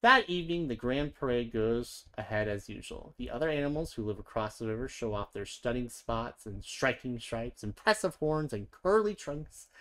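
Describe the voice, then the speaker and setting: A children's book reader, gentle and playful, reading a story aloud with chatty asides. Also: mid-range voice.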